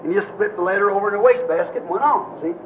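A man's voice: sits high, very fast. A male preacher telling a long story in a sermon, in a folksy, rambling way, repeating "said" again and again. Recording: dull old tape recording with faint hiss.

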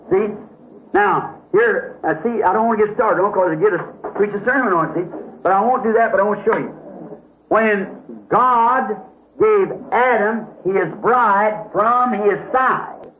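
A man with a high voice, preaching a folksy sermon that keeps checking in with the listeners. The sound is thin and tinny, like an old tape with a faint hiss behind it. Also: reverberant. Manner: folksy, repeats "see?" often, self-correcting. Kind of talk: question-and-answer sermon.

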